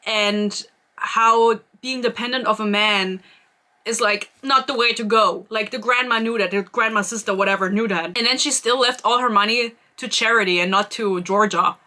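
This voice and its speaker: A woman's voice: on the high side, steady tone, moderate pace, sharp tone. A young woman giving a rambling, sarcastic book review in a casual vlog, swearing freely.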